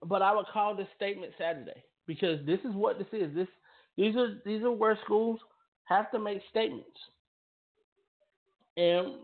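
Emphatic man on a tinny phone line. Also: sits high. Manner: repeats and restarts phrases, emphatic. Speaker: radio show host. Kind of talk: football talk radio commentary.

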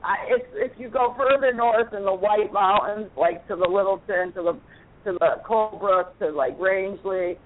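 A woman's voice: medium pitch, moderate pace. A woman from New Hampshire calling in to a radio show, chatty and earnest, rambling as she talks. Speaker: caller. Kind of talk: casual phone chat. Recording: tinny phone line.

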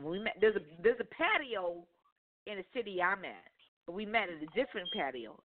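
A woman telling a dating story on talk radio, profane and exasperated. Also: lowish voice. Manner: profane, exasperated, animated retelling. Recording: phone-line call.

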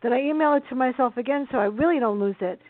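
Higher-voiced woman on a phone line. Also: quick pace, dry recording. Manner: chatty, animated storyteller. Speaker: book reviewer guest. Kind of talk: casual chat on a call-in show.

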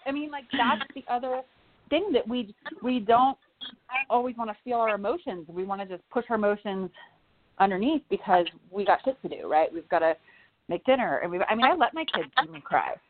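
A woman's voice: fairly high pitch, animated, a little fast, no room sound. A woman in her forties, a guest in a casual chat, talking candidly, swearing freely and laughing easily. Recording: tinny phone-like line with faint noise.

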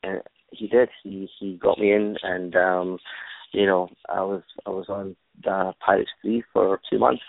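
A man's voice: low-pitched, flat delivery, measured pace, vocal fry, no echo. A man, a stuntman and actor, telling stories from his career in a casual interview, rambling with many fillers and restarts. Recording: tinny phone-like line, dry.

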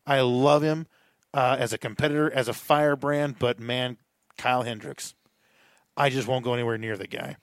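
A man's voice: mid-range voice, steady tone, moderate pace, no room sound. Podcast guy talking shop, opinionated, lots of "you know" and "boy", dead dry sound. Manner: chatty, opinionated, thinks aloud with fillers. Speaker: podcast co-host. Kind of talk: casual fantasy baseball chat.

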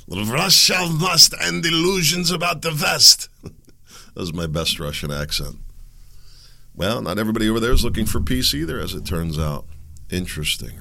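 Man, commentary host, casual and rambling, deep tense voice. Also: creaky, fairly bright tone. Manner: rambling, thinks aloud, reads passages aloud.

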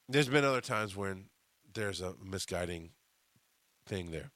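A man's voice: low voice, unhurried, no room sound. A man hosting a podcast, telling stories in a casual, profane monologue with lots of restarts. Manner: profane, animated storytelling with frequent restarts. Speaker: podcast host.

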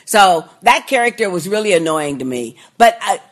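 A woman's voice: mid-range voice, expressive, moderate pace. A woman hosting a podcast in casual chat, candid and opinionated. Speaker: podcast host.

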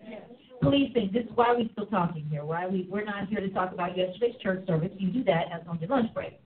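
A woman's voice: medium pitch, quick pace. A woman hosting a live faith show, talking in an exuberant, preachy way with frequent laughter. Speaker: host. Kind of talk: lively live show chat. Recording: tinny phone-like sound.

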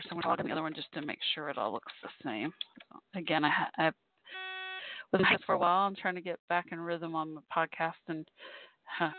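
A woman hosts a live call-in podcast in a loose, rambling way, sounding tired and stopping to yawn. Her voice comes through a narrow, phone-like channel. There is no room echo at all. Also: on the low side. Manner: chatty, meandering, tired with yawns. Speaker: podcast host. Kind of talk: casual live call-in chat. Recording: thin phone-like dry sound.

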